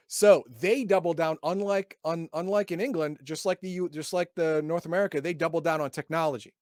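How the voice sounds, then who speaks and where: A man's voice: a little high, no echo, studio quality. Sarcastic man reading and riffing. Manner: sarcastic, reads passages then adds wry asides; stumbles and repeats words often. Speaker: podcast host reviewing a game book. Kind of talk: casual chat reading and riffing on a book.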